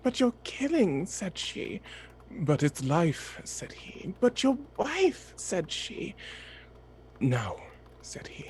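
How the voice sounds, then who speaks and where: A player in a soft ASMR tabletop game, reading a poem slowly and expressively and whispering some of the lines. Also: mid-range voice, huge pitch swings.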